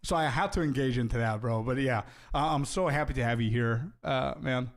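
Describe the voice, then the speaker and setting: A man's voice: medium pitch, brisk. A young man streaming, chatting casually with his viewers and thanking donors. He laughs often, stumbles into restarts, and keeps calling people bro and dude.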